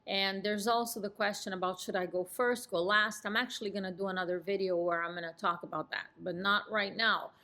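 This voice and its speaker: A woman's voice: mid-range voice, fairly even intonation, a little fast, hardly any pauses, bright, forceful tone. A woman coaching real estate agents, walking through a phone script and acting out its lines with an assertive, downward tone. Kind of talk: teaching a sales script.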